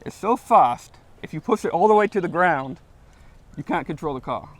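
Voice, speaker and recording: Man putting on a deadpan mock British car seller. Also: on the high side, normal speed. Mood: deadpan boastful. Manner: deadpan prank, bragging with straight face.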